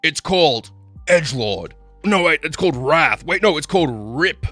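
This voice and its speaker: A man's voice: on the high side, expressive, normal speed, pushed and bright, no echo, soft background music. A man putting on the voice of a pushy male energy drink marketer who keeps correcting himself. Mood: pitching. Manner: salesy, hasty self-corrections.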